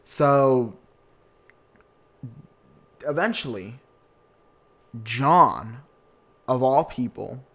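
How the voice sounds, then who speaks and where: A man's voice: medium pitch, lively intonation, very slow, long pauses, a bit bright. A young man hosting a casual podcast, chatty and campy, who slips into put-on voices to quote people. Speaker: podcast host.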